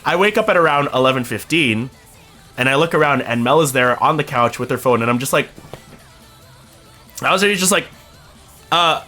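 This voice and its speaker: A man's voice: moderate pace, pauses often, faint music behind. A young man from Canada casually telling a story to his stream chat, swearing now and then and acting out quotes. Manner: animated, swears casually, acts out quotes with big pitch jumps.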